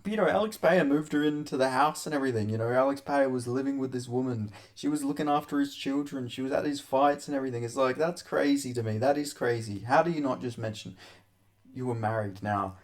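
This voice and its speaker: A man's voice: mid-range voice, quick pace. A young man hosting a casual commentary vlog, talking crudely with lots of swearing, rambling and often laughing. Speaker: MMA commentary host.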